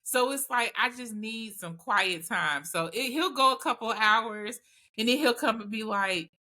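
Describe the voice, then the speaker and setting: A woman's voice: fairly high pitch, a little slow. A woman hosting a casual group chat, telling stories candidly and voicing her own asides. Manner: candid, animated storytelling with voiced asides.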